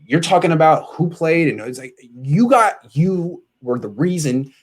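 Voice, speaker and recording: A male sports podcast host in casual chat, ranting in an animated, exasperated way. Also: on the high side, unhurried.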